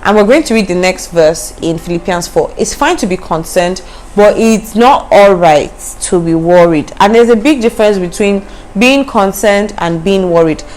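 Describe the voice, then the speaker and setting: A woman giving a devotional talk as host, earnest and conversational, slowing down to stress the verses she reads. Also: mid-range voice, animated, darkish tone, poor audio. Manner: conversational asides between readings. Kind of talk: devotional teaching.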